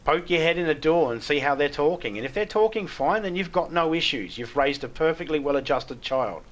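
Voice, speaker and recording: A man's voice: on the high side, expressive, fairly quick. A middle-aged Australian man chatting bluntly with viewers on a live game stream, swearing freely and stumbling over restarts. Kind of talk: casual live-stream chat.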